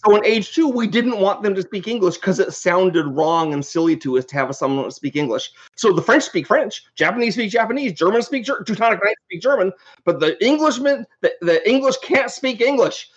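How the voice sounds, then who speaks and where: A man's voice: sits high, brisk, dull audio. A man, a game designer appearing as a podcast guest, telling rambling anecdotes and restarting his sentences as he goes. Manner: animated, rambling storyteller who restarts sentences. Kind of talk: casual anecdotal storytelling.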